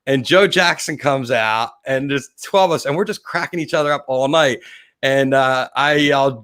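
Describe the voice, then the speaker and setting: A man's voice: medium pitch, moderate pace, fairly bright tone, smooth. A man hosting a casual interview, chatty and telling stories, laughing easily. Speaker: show host.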